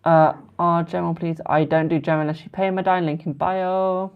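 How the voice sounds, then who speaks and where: British man, gravelly voice, tarot reader, chatty live stream, affectionate with viewers. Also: on the high side, flat delivery, fairly quick, narrow, tinny audio. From United Kingdom. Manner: chatty, calls viewers "my darling".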